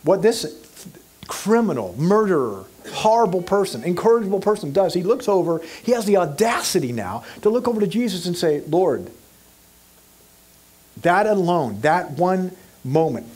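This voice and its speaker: A man's voice: sits high, sing-song, brisk, a little mellow, breathy edge. A male pastor preaching an emphatic sermon who acts out scenes and questions the audience.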